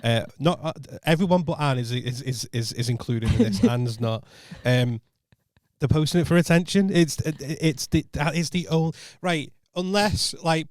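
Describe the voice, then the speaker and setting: A man's voice: a little high, dry recording, clean studio sound. A man co-hosting a podcast, bluntly teasing and rambling with many restarts. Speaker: podcast co-host. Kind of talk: casual chat.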